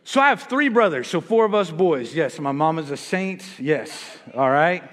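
High-voiced preacher in an echoing hall. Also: male voice, moderate pace. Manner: energetic, exhorting, joking with the congregation. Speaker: pastor. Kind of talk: sermon. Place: church sanctuary. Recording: reverberant church hall.

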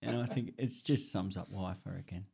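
Casting: middle-aged bloke, rambling, loose, swears a lot, easygoing podcast chatter. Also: male voice, low-pitched, a little fast, vocal fry, a little mellow, breathy edge. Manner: rambling, swearing, laughing storyteller. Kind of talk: casual chat.

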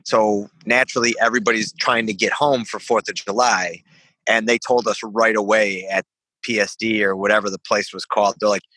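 A man's voice: lowish voice, fairly even intonation, a little fast, pushed and bright, dry recording. Swearing young man telling a story. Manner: rambling, laughing, swears freely. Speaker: podcast guest, veteran. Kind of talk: casual storytelling.

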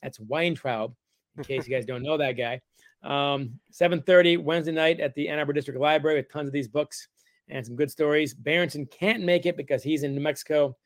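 A middle-aged male author being interviewed, spinning stories with a wry, animated delivery. His voice is a touch high and the recording is dry and close. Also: a little fast, no room sound. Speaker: guest author. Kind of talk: casual interview chat.

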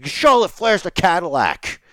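A man's voice: high-pitched, wildly swooping pitch, unhurried, a bit bright, no echo, clean studio sound. A middle-aged man co-hosting a casual wrestling podcast, ranting emphatically and swearing as he argues. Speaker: podcast co-host.

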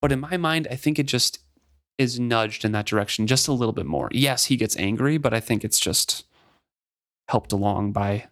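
Guy reading bits of a book on a podcast then chatting about them, lively and laughing. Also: normal speed, no echo, studio quality. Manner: reads quotes with lively shifts in pitch, laughs easily. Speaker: podcast co-host. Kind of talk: book discussion with read-aloud passages.

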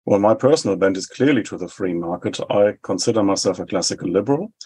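A man in his forties speaks with a New Zealand accent, in a husky voice that sits a little low. He answers interview questions in a measured, explanatory way, laying out his points one after another. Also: lively intonation, warm tone. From Germany. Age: 40s. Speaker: think tank head.

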